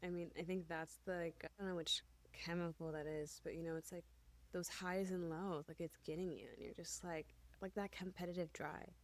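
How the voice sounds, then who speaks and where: Gravelly-voiced frank woman. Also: lowish voice, little pitch movement, fairly quick, dry recording. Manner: opinionated, frank, heavy use of "like". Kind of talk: casual podcast chat.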